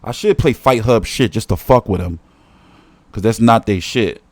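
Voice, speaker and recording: A man's voice: fairly low pitch, moderate pace, dry recording. A man hosting a boxing talk stream, swearing a lot and rambling as he reacts to clips and talks back to his viewers. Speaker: boxing commentary host. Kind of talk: casual reaction commentary.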